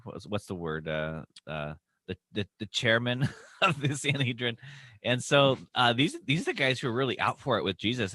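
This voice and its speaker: A man's voice: mid-range voice, sharp tone, dry recording. A man co-hosting a casual theology chat over a video call, laughing easily and explaining with many fillers. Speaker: co-host and pastor.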